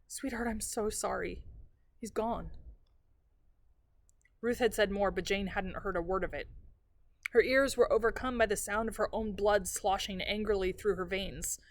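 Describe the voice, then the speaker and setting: A woman librarian reading a novel aloud in a measured, even storytelling manner. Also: medium pitch.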